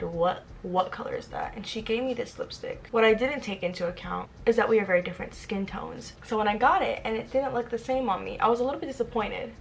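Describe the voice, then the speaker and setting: A woman's voice: mid-range voice, gravelly, a little hiss or hum. A woman in her twenties chatting casually while doing her makeup, rambling and self-deprecating. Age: 20s. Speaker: vlogger. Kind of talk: casual get-ready-with-me chat.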